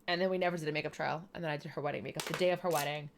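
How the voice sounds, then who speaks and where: A woman's voice: low-pitched, fairly even intonation, rapid-fire, vocal fry, a little hiss or hum. A woman chatting casually while she does her makeup, explaining each step as she goes. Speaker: streamer doing makeup. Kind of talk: casual makeup tutorial chat.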